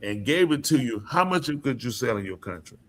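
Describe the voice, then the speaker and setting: Guy on a talk podcast, preachy and emphatic, mid pitched voice, keeps asking you stuff. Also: sing-song, fairly quick. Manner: emphatic, preachy, asks the listener questions. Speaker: podcast host. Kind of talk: casual opinion talk.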